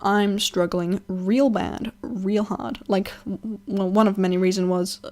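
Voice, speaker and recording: A woman's voice: mid-range voice, steady tone, measured pace, darkish tone. A young woman telling a personal story in a casual vlog, rambling, swearing freely, laughing often and acting out what others said. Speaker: vlogger.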